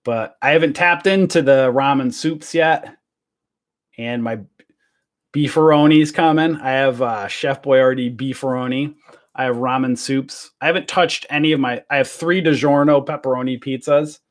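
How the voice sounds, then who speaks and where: Male livestream host, mid-pitched, talkative, jokey, rhetorical questions to the chat. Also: fairly even intonation, moderate pace. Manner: chatty and joking, asks the audience rhetorical questions. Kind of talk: casual rambling livestream rant. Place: home, in self-quarantine.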